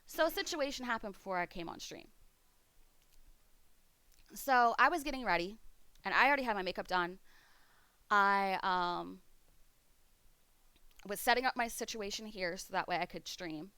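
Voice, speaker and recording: A woman's voice: mid-range voice, lively intonation, moderate pace, long pauses, sharp tone, smooth, no echo. Profane ranting woman streamer. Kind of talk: casual chat. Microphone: streaming mic.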